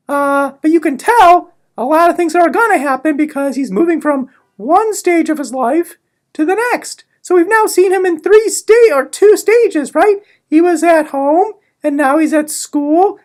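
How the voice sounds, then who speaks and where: High-voiced, sarcastic woman explaining a book chapter. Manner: sarcastic, playful, quick asides. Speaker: literature explainer. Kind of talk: casual chapter summary lesson.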